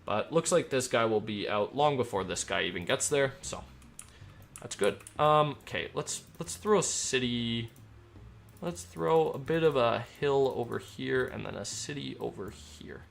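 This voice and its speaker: A man streaming himself as an air traffic controller. He talks in an upbeat, rambling way between crisp radio calls. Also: medium pitch, measured pace. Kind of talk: live-stream commentary mixed with radio phraseology.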